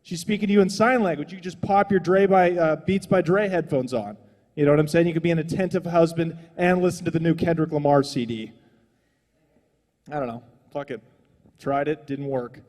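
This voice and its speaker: A man's voice: fairly high pitch, fairly quick, darkish tone, long reverb tail. A young adult man doing a stand-up comedy set on a small stage, rambling and profane in a loose, conversational way.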